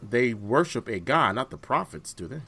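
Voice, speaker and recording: Male podcast co-host, casual and halting, bright tone. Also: mid-range voice, expressive, vocal fry, breathy edge. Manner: hesitant, many fillers and restarts. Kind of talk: casual chat.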